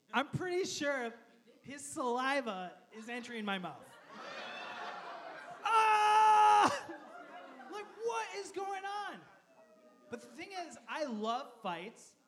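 A man in his thirties, a pastor preaching a sermon, telling a story with animated energy and frequent laughter. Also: very high voice, unhurried. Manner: animated storyteller, laughs often, shouts quoted lines.

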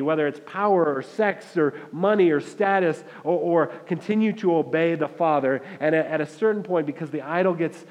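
A man delivers a sermon with a slightly raised pitch, telling a story with lively storytelling and voicing its characters as he goes. His voice rings out into a hall with a long reverb, and the recording sounds muffled and dull. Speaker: pastor.

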